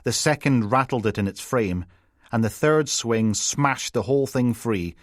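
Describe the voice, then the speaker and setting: A man's voice: mid-range voice, a little slow, no echo, studio quality. A man narrating a crime thriller audiobook in a wry, descriptive storytelling manner.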